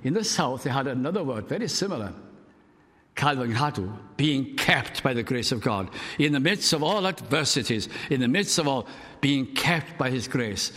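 A man's voice: mid-range voice, expressive, moderate pace, fairly bright tone. An older man from Wales preaching a storytelling sermon, building to fervent emphasis. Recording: long hall reverb.

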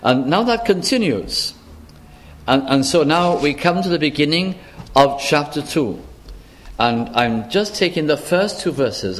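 A man preaching an expository sermon, earnest and measured, with frequent restarts and emphatic pauses. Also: a little high, expressive.

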